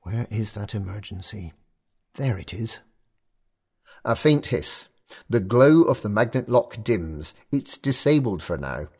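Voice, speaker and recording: A man's voice: on the low side, lively intonation, measured pace, a little mellow, husky. A man narrating a first-person audio story in clipped, tense fragments.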